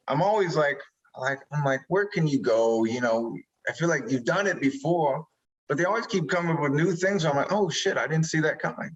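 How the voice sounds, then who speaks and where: A man, an actor being interviewed, talking casually and rambling, animated when he retells moments. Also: on the high side, low-quality recording.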